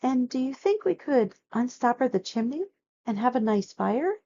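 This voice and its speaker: A woman voicing a polite, persistent little male mouse who speaks softly and apologetically in a storybook read-aloud. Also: a little high, big pitch swings, normal speed, highs cut off, a little hiss or hum, voice pushed up. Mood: coaxing.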